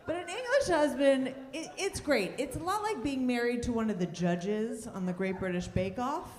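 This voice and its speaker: Woman comic, stand-up set, animated delivery, roomy club stage sound. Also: a little high, normal speed. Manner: wry, deadpan punchlines with lively asides. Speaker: stand-up comedian.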